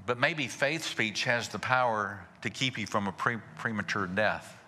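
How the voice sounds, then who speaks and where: A male pastor preaching a sermon in a folksy way, asking rhetorical questions and chuckling softly. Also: fairly low pitch, normal speed, long reverb tail, slight background noise.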